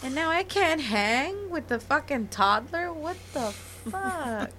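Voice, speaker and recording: Slow-talking, blunt, swearing woman. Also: sits high, animated, bright, forceful tone, a little hiss or hum. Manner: blunt, swears freely, laughs often. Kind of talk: casual chat.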